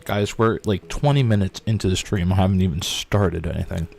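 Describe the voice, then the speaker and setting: A young man hosting a casual livestream, chatty and excitable, talking while he eats snacks. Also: sits low, fairly quick, vocal fry. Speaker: livestream host. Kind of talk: casual live-stream chat.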